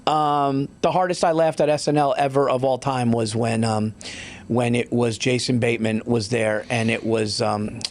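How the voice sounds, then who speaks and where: A middle-aged man hosting a podcast in casual chat, an animated storyteller who keeps jumping into high-pitched impressions. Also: normal speed. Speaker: podcast host.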